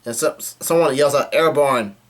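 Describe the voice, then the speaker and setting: A man casually recapping a comic chapter, halting often with fillers and restarts. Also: medium pitch, fairly bright tone. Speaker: manga reader recapping a chapter.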